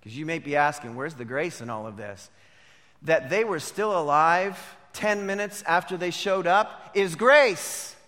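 A pastor preaching a sermon, moving between hushed reflection and emphatic declarations. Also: male voice, on the high side, animated, measured pace, big-room sound.

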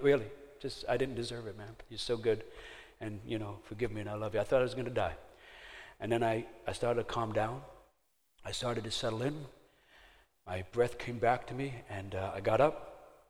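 A middle-aged man telling a personal testimony in a sermon, laughing at himself and then going hushed and prayerful. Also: on the low side, fairly even intonation, moderate pace. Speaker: speaker sharing a testimony. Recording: long hall reverb.

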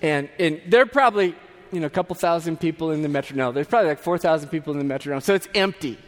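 Chatty preacher with a higher voice. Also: male voice, rapid-fire, long reverb tail. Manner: conversational storytelling with asides and restarts. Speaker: pastor. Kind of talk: sermon.

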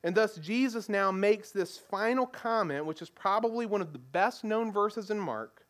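A man's voice: high-pitched, lively intonation, moderate pace, fairly bright tone. A man preaching a sermon in a conversational teaching manner, often asking the congregation rhetorical questions. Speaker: pastor.

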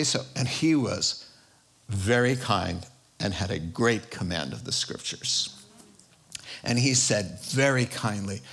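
Pastor guy giving a sermon, slow and easy, laughs a lot while telling stories. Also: mid-range voice, a bit bright, breathy edge. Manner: storytelling with frequent laughs.

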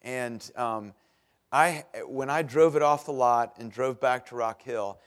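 A middle-aged man preaching a sermon as pastor, telling stories in a chatty way with self-deprecating humor that grows animated at the punchlines. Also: unhurried. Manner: animated, rises in pitch and volume at punchlines.

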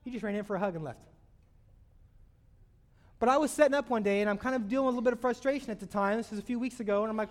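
A man preaching a sermon, with sudden loud swells and soft drops in his voice. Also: sits high, rapid-fire, long pauses. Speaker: pastor. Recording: long hall reverb.

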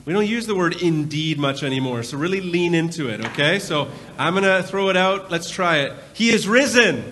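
A man's voice: on the high side, brisk, fairly bright tone, a little hiss or hum. Man preaching in a reverberant church. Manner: conversational storytelling preacher. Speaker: pastor. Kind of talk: sermon. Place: large church with balcony. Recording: long hall reverb.

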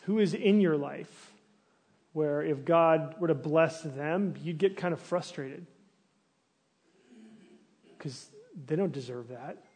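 A man preaching a sermon in a relaxed, conversational way. He asks the listeners searching questions, restarts his phrases now and then, and his voice sits a little high for a man. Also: takes it slowly, long pauses, husky. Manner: restarts and fillers, animated when acting out complaints. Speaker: pastor.

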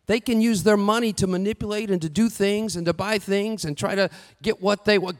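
A man preaching a sermon with lively delivery, rising to shouts and acting out what the figures say. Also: high-pitched, moderate pace. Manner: animated, shouting at peaks, acting out quotes. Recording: long hall reverb.

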